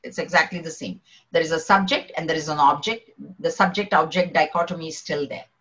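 A woman teaching philosophy to a group, animated and questioning, repeating phrases to drive her point home. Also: low-pitched, a little fast, lo-fi sound. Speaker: spiritual teacher.

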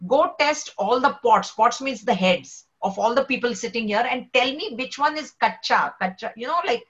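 A woman, a spiritual teacher telling a devotional story in a lively way and acting out the characters' voices. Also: on the high side, normal speed, dull audio.

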